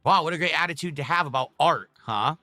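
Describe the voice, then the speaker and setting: A man rants indignantly on his live stream. His voice is bright and sharp and sits a bit high. The recording is dry. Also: quick pace, no room sound, soft background music. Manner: indignant ranting.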